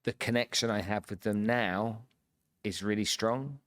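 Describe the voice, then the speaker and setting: A man's voice: lowish voice, fairly even intonation, measured pace, a bit bright. A man, the host, talking thoughtfully and earnestly in a casual interview. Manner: earnest and thoughtful, rambling with fillers. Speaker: podcast host.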